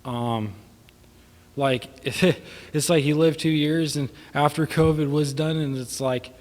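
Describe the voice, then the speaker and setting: A man's voice: a little high, fairly even intonation, slow. A man, a son speaking at his father's memorial, rambling with many fillers and wavering between laughter and sadness. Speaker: son giving a eulogy. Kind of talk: informal memorial speech. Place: church hall. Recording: long church reverb.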